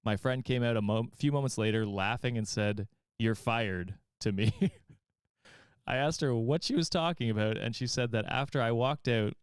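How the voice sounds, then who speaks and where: Smooth-voiced man reading stories aloud. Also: mid-range voice, normal speed, dry recording, clean studio sound. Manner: laughs often while reading. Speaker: podcast host reading stories. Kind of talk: reading aloud and casual chat.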